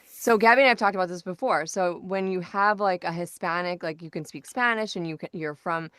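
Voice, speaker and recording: A woman's voice: fairly low pitch, brisk, fairly bright tone, clean tone, dry recording. A woman co-hosting a podcast, asking rambling questions that stop and restart. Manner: rambling, self-interrupting questions. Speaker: podcast co-host. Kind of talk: casual interview chat.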